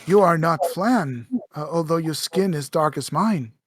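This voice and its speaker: A man voicing a dignified male druid in a tabletop game, speaking haltingly with many pauses and restarts. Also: on the high side, lightly acted. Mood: courteous.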